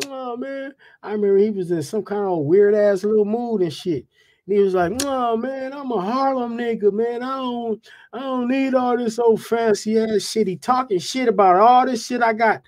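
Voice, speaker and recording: Man, high-pitched voice, guest rapper, profane animated storytelling, casual. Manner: profane, animated, repeats "you know what I'm saying".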